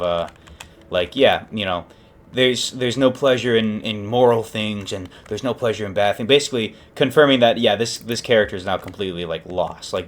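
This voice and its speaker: A young man casually retelling a story, rambling and correcting himself with lots of fillers. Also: fairly low pitch. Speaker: podcast host.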